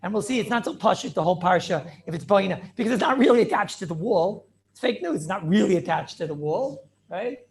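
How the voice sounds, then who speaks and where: A man teaching an animated Torah class over a video call, firing questions and mixing in Hebrew and Yiddish terms. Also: high-pitched, fast talker, vocal fry, hardly any pauses. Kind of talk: lively online Torah class.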